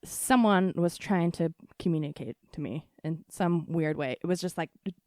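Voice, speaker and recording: A young adult woman hosting a podcast, telling a personal ghost story casually, with laughs, swearing and quick asides. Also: lowish voice, dark tone, no echo, studio quality. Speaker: podcast host.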